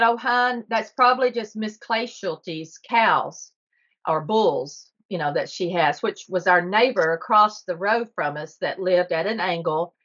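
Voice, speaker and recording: A woman's voice: on the low side, a bit bright. Earnest middle-aged woman telling a story. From Texas. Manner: earnest, vivid storyteller with small laughs. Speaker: guest. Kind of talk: storytelling in a podcast interview. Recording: slightly muffled podcast audio.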